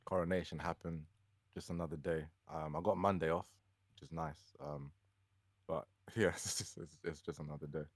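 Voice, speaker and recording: A young man from the UK with a very low voice, talking casually and hesitantly on a podcast, full of "um" and "like." The recording is dry and close. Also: fairly even intonation, normal speed, no echo. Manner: hesitant, lots of fillers, laughs as he tells a story. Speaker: podcast co-host. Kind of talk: casual chat.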